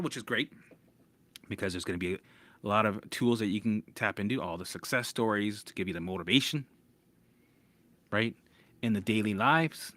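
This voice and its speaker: A man giving an animated, casual coaching talk about anxiety. He swears casually and acts out panicked voices. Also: mid-range voice, no echo.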